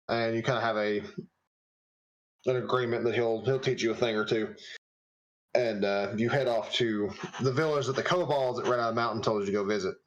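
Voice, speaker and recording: Loose, chuckling game master. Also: male voice, mid-range voice, highs cut off. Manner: loose, chuckling, lots of fillers. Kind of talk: narrating a tabletop game.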